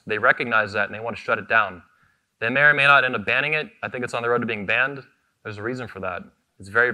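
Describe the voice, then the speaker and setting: Man, convention keynote, combative, profane, punchy repeated lines, sharp bright voice. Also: medium pitch. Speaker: keynote speaker, convention founder. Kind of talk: fiery convention keynote speech. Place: convention venue stage.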